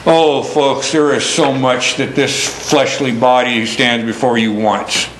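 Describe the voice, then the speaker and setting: Fervent slow-preaching man in an echoey room. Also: mid-range voice, steady tone, a bit bright, a little hiss or hum. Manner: fervent, exclaiming and addressing listeners as folks. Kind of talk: sermon with scripture reading.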